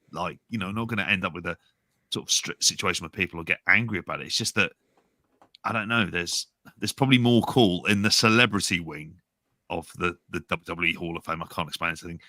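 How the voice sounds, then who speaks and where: Deep, bright-voiced man. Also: fairly quick, dry recording. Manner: opinionated, swearing, wry. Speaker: podcast co-host. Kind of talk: casual podcast chat.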